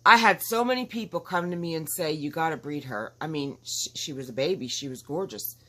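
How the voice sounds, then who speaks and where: A woman with a somewhat low voice chats casually to her viewers from home. She talks in an emphatic, outspoken way and rambles from one point to the next. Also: brisk, a bit bright. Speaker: vlogger. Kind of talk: casual chat to camera. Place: at home with dogs nearby.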